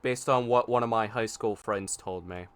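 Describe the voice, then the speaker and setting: A man's voice: lowish voice, normal speed, fairly bright tone, clear, resonant tone. A man co-hosting a casual podcast, talking eagerly about upcoming films and theme park events. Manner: enthusiastic, makes predictions, frustrated by tech issues. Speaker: podcast co-host.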